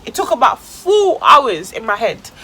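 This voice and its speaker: A woman's voice: on the high side, sing-song, measured pace, pushed and bright, breathy edge, poor audio. A woman telling a dramatic story in casual slang for her vlog. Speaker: vlogger.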